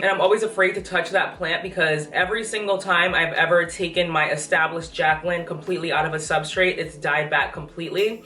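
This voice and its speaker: Her voice is lowish with a sharp tone as this young pregnant plant vlogger eagerly talks through a casual update, slightly out of breath. She's in an apartment room filled with plants, and the echoey recording catches her from a distance, with faint music behind her.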